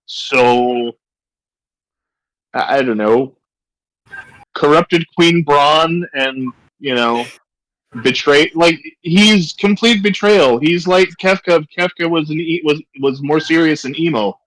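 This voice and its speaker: A man's voice: fairly high pitch, takes it slowly, fairly bright tone, no room sound, low-quality recording. A man in casual chat with friends, rambling through arguments with restarts and swearing. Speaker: co-host.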